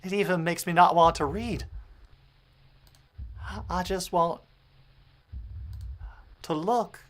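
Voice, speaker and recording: A man voicing a shy, bookish teenage girl who is flustered and obsessive, speaking in a hushed, breathy, halting way while playing a game. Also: sits high, pitched above the performer's own voice. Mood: breathless, flustered. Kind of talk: let's play voice acting.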